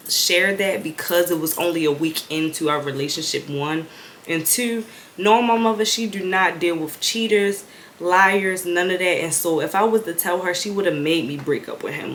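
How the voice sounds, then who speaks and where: A woman's voice: fairly low pitch, slight background noise. A young woman vlogger telling a casual storytime, chatty and full of slang, building to exasperated outbursts. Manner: animated and conversational, with slang, rising into exasperated outbursts. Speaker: vlog host.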